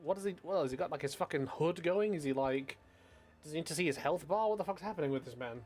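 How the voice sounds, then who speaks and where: A man's voice: a little high, expressive, quick pace, darkish tone, soft background music. A man streaming a video game with casual, profane, joking commentary. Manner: profane, jokey.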